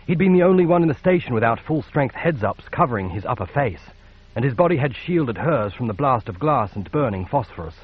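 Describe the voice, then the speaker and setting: A man narrating a science fiction audiobook in a measured, steady read. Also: medium pitch, breathy edge, highs cut off. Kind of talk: scripted narration.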